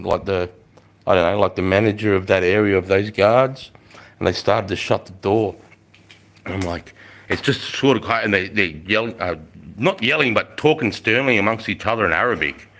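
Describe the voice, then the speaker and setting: A low-voiced Australian man in his forties hosts a casual live stream. He swaps army stories and reads out chat comments, swearing freely in an easygoing way. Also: fairly quick, a bit bright. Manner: swears a lot, laid-back, reads chat aloud. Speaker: livestream host, ex-soldier.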